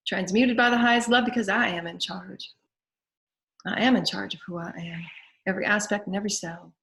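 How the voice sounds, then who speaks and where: A woman's voice: mid-range voice, a bit bright. A woman with a Southern US accent hosting a spiritual show, leading guided affirmations and prayer in a repetitive, incantatory way.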